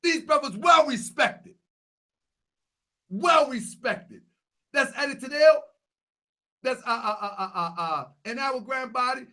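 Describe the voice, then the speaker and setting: A young man with a high, bright voice hosts a loose, casual vlog. He keeps repeating himself as he walks through photos, and he turns loud and animated whenever he gets excited. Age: young adult. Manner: repetitive, animated, talks louder as he gets worked up. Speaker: Grand Sheik and channel host.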